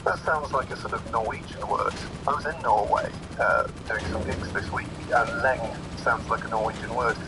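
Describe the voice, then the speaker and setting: A man's voice: mid-range voice, normal speed, few pauses, noisy background. A man co-hosting a comedy podcast, playful and rambling as he jokes. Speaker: podcast co-host.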